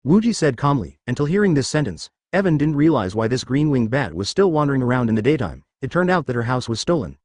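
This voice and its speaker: Male narrator for a fantasy web novel audiobook; rapid, lively read, dead-dry recording. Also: mid-range voice, dry recording.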